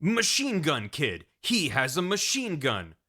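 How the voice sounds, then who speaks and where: Animated man narrating a comedic recap. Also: a little high, a little slow, breathy edge. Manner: wry, animated storytelling.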